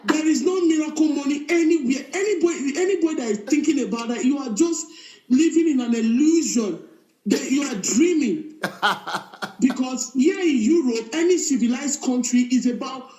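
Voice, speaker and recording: A woman on a phone call played into a hall, so her voice comes through roomy and echoey. Her tone is mellow and warm, and she tells her story in an animated way with frequent laughter. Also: high-pitched, moderate pace. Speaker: caller. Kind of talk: phone-in testimony. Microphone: phone call played into the room.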